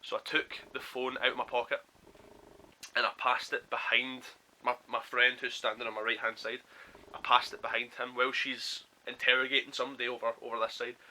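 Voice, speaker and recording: A man's voice: medium pitch, a little hiss or hum, low-quality recording. A young man vlogging from home, telling a story and acting out the quoted lines. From Scotland. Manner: animated storyteller who acts out quoted lines. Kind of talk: storytelling vlog.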